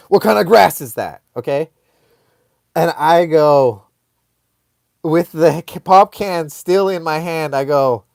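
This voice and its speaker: A man hosting a live online show, telling a comic story casually in a rambling, animated way full of fillers. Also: a little high, no room sound, studio quality.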